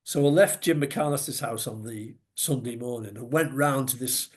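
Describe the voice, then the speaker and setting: A middle-aged man with a Scouse accent, telling lively anecdotes as a podcast guest, with chuckles and salty asides. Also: medium pitch, normal speed. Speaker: guest, former news reporter. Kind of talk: conversational storytelling.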